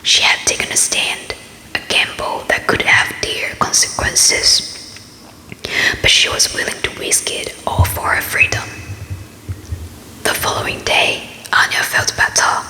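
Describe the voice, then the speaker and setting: A woman ASMR book reader narrating a story as whispered role-play, in a slow, steady, unvoiced whisper. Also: roomy sound, poor audio.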